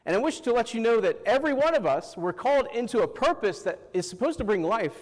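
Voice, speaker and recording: High-voiced pastor preaching in a reverberant hall. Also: male voice, big pitch swings, fast. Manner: asks the congregation questions and repeats "Amen". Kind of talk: sermon.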